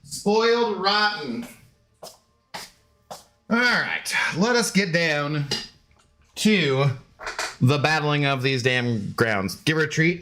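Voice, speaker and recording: Guy streaming games, kinda high bright voice, rambly jokey chat w his dog and chat. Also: animated, slow pace, pauses often, faint music behind. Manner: rambling, joking, chats to his dog and to viewers. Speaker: game streamer. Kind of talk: casual livestream chat.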